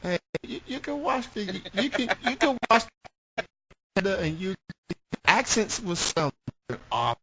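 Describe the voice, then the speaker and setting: A man's voice: high voice, big pitch swings, measured pace, pauses often, sharp tone, slightly rough, dull audio. A man from the southern United States co-hosting a radio show, chatting casually, often restarting and repeating words. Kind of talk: casual banter.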